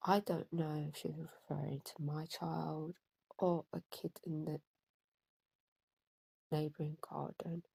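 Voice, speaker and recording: A woman's voice: low voice, level tone, measured pace, gravelly, pauses often, dark tone, husky, no room sound, rough recording. A woman vlogging, angry and upset, talking hesitantly with a lot of fillers and self-corrections. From Britain. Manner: hesitant, stuttering, with many fillers. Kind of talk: personal vlog rant.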